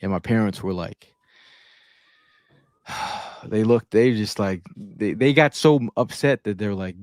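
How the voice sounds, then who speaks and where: A man with a lowish voice co-hosts a casual sports podcast, trading banter and telling stories emphatically, repeating phrases as he goes. He speaks slowly with long pauses, in studio-quality audio with no room sound.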